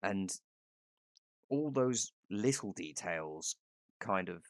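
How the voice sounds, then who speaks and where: A man's voice: sits low, animated, extremely slow, no room sound, clean studio sound. A man co-hosting a casual discussion about game mastering, talking with enthusiasm and vivid description. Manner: enthusiastic, descriptive, agreeing readily.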